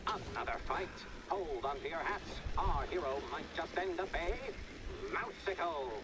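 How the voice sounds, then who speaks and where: A man's voice: fairly high pitch, unhurried, lightly acted. An actor playing a quippy, theatrical male narrator in a video game, heard as game audio with background noise. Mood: teasing.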